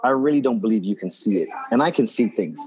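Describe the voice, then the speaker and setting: A man, an interior designer, talking casually about his work and acting out what clients say. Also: quick pace. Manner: animated storyteller, acts out quoted voices in a high pitch. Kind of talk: casual conversation.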